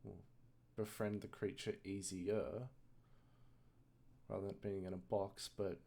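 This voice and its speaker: A man's voice: sits low, level tone, unhurried, creaky, mellow, slight background noise. A man playing his character in a tabletop game, speaking casually with dry, mock-formal teasing. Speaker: player.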